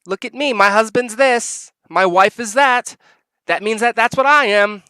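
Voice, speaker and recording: A man's voice: sits high, unhurried, sharp tone, clear, resonant tone, pitched above the performer's own voice. A man voicing a smug, entitled military spouse in a mocking, sing-song whine.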